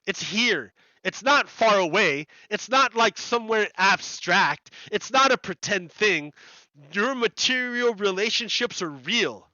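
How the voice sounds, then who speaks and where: Heated male streamer, high bright voice, dry lo-fi mic; rambling, repetitive rant. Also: dry recording. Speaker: video game streamer commenting on news. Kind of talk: casual rambling commentary.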